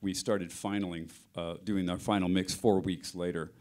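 A man's voice: deep voice, fairly even intonation, moderate pace, darkish tone. A middle-aged man, a film sound mixer, explaining his work at a panel interview, hesitant with many restarts.

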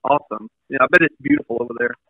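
A man with a Kentucky accent hosting a casual podcast interview, chatty and quick to laugh. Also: high voice, animated, vocal fry, dry recording, phone-quality sound. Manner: chatty, laughs between lines. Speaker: podcast host. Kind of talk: casual chat.

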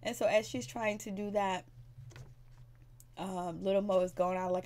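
A woman's voice: medium pitch, fairly even intonation, normal speed, pauses often, a little mellow. A woman, casually recapping a reality show, blunt and gossipy, acting out the cast's lines in sassy voices.

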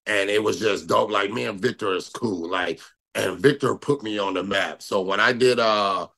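A man's voice: lowish voice, normal speed, creaky, sharp tone. A man in his thirties from Minnesota, a pro bodybuilder talking loosely and boastfully in an interview, with lots of fillers and repeats. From Minnesota, USA. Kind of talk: casual interview talk.

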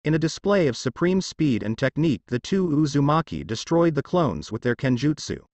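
A man narrating a fanfiction story in a steady storytelling read. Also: a little high, moderate pace, no room sound. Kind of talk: fanfiction reading.

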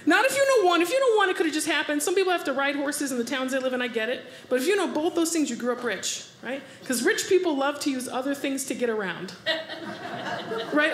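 A woman's voice: sits high, slight background noise. A woman comedian from the United States doing a stand-up set on a club stage, acting out voices and laughing along with her own jokes. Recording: roomy club with audience laughter. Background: audience laughter.

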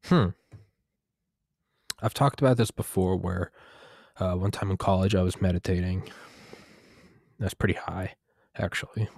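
Low-voiced man rambling, profane. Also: a little slow, vocal fry, long pauses, a little mellow, husky, no echo, studio quality. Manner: profane, digressive, restarts often. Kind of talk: casual rambling monologue.

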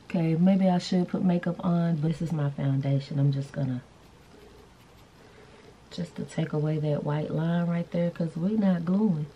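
Chatty woman with a lowish voice. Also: fairly even intonation, moderate pace, mellow, highs cut off, a little hiss or hum. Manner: chatty, playful, addresses viewers as y'all. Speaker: vlogger. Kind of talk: casual beauty vlog chat. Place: indoors, hotel room.

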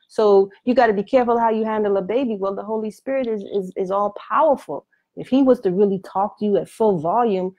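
A woman's voice: medium pitch, brisk, hardly any pauses, mellow. A woman teaching on the Bible in a preaching video, speaking in a colloquial and emphatic way. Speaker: Christian author and Bible teacher.

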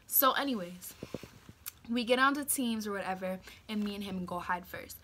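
A young woman chatting through a storytime vlog, her voice very bright and sharp. She is animated and slangy and drops into whispered asides. A faint hiss sits under her voice. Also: mid-range voice, quick pace. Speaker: vlogger. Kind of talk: casual storytime chat.

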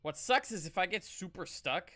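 A man commenting on his horror game playthrough, excitable, swearing and chuckling as he talks to himself. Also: high-pitched, normal speed, slight background noise. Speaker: game streamer.

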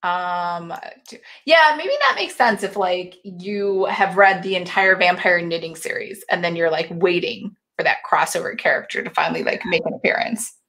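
A woman's voice: fairly low pitch, normal speed, fairly bright tone. A woman hosting a casual live book club chat, laughing often and reading viewer comments aloud.

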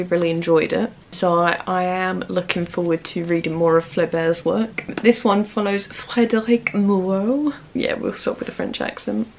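Woman, casual book vlogger, gravelly edge, eager and chatty. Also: lowish voice. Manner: chatty and enthusiastic, with fillers. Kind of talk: casual book-haul chat.

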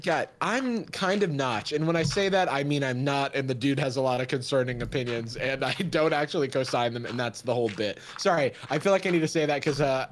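A young man in casual gaming chat with friends, joking and rattling off quick explanations. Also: medium pitch, slight background noise. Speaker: streamer playing with friends.

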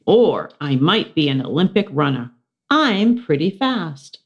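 A woman's voice: sits low, sing-song, unhurried, muffled recording, exaggerated voice. A woman voicing an eager, curious young schoolboy talking to his teacher in a storybook.

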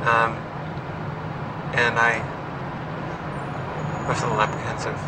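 A man talking into his own camera in a casual video diary. He speaks haltingly, with many fillers and restarts, and yells excitedly while chasing birds out of his apartment. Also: mid-range voice. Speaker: diarist filming himself. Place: home apartment, then a car. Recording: steady background noise from traffic and a car.

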